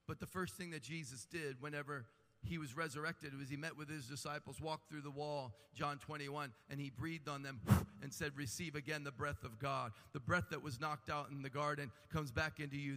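A man preaching a sermon with animated delivery and humorous asides. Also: a little high. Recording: long hall reverb.

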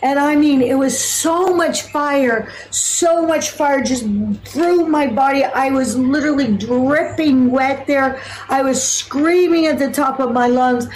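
A woman's voice: sits high, slow pace, slight background noise, low-quality recording. A woman missionary telling her personal testimony in an earnest, emphatic way, repeating words for stress.

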